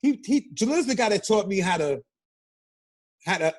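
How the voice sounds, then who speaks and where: A middle-aged man, guesting on an interview and telling stories in a loose, profane, animated way. His voice sits high for a man. It has a husky, slightly raspy grain. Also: normal speed. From Brooklyn, New York. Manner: animated, profane storyteller who acts out quotes. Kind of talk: casual storytelling interview.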